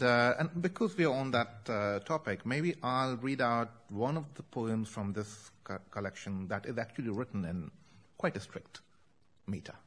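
Indian male poet, slightly husky tone, measured reading cadence, mid-pitched, reading and discussing his own verse. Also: fairly bright tone. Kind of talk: poetry reading and conversation.

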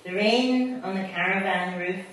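A woman's voice: medium pitch, a little slow, fairly bright tone, a little hiss or hum. A Scottish woman poet reading her poems to a live audience, with chatty asides between them. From Scotland. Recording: distant mic in an echoey hall.

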